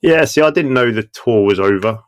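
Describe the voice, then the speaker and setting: A British veteran in his thirties, appearing as a guest, casually tells war stories in an animated mid-range voice at a moderate pace. He swears, acts out the voices he quotes, and laughs often, all on a lo-fi recording.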